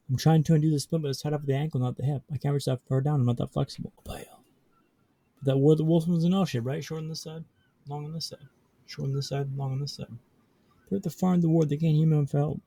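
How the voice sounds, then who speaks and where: A man with a gravelly, deep, dark voice and a husky edge tells a story as a podcast guest. He builds his story through rhythmic repetition and dry humor, in a close, dry recording. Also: dry recording.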